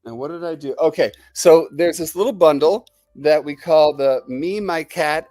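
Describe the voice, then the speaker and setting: A man's voice: fairly high pitch, normal speed, darkish tone, no room sound, soft background music. A man hosting a live stream, chatting to viewers and answering their comments in a rambling, enthusiastic, salesman-like way. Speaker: host.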